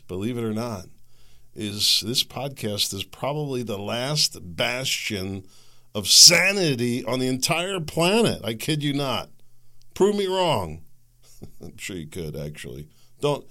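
A man hosting a solo comedic podcast, rambling from one joke to the next and poking fun at himself. His low voice is bright and forward with a gravelly fry, and his pitch swings widely. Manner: rambling, joking, self-deprecating. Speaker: podcast host.

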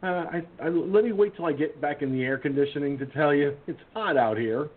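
A man's voice: on the high side, fairly quick. A man hosting a casual radio talk show, telling a rambling story full of restarts and acting out his friends' lines. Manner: rambling storyteller, many restarts and fillers, acts out quoted friends. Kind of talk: casual call-in radio chat. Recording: tinny phone-line sound.

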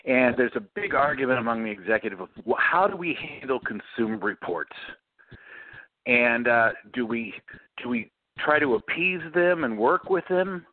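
A middle-aged man, a guest author, answering interview questions with lively storytelling and acting out the voices he quotes. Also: mid-range voice, normal speed, no room sound. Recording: dry, tinny phone line.

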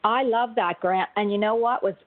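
A woman hosts a chatty show, gushing over her guest with theatrical enthusiasm. Her voice sits in a middle pitch. The audio is thin and tinny, like a phone line. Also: moderate pace. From United States. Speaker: show host. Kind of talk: casual talk show chat.

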